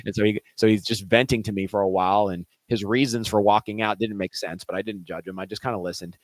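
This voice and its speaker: A man's voice: on the low side, fairly even intonation, brisk, no echo, poor audio. A male teacher telling a classroom story in a casual, conversational way, full of "you know" and restarts.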